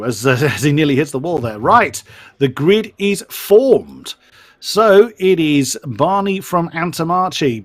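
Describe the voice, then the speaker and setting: A man's voice: on the high side, dry recording. A man giving live commentary on a sim race. He is chatty and self-deprecating and stumbles over driver names.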